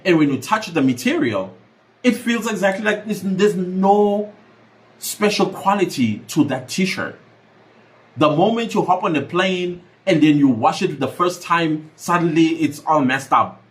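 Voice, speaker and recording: Emphatic South African man, lively pitch. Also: rough recording. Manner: emphatic and preachy, repeating points. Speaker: podcast host. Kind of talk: reaction commentary.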